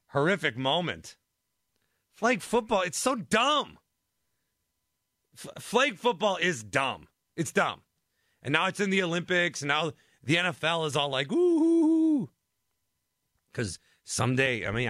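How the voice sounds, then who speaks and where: Male sports radio host, lively and bright, playful ranting, dry studio sound. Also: mid-range voice, dry recording. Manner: animated, playful rants. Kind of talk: casual radio chat with a caller.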